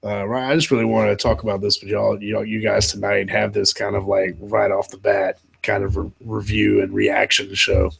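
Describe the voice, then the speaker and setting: A man with a North Carolina Southern accent hosting a casual live reaction chat, excitable and laughing often, tripping over his words. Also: on the low side, normal speed, gravelly, hardly any pauses, slightly rough, low-quality recording. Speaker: host.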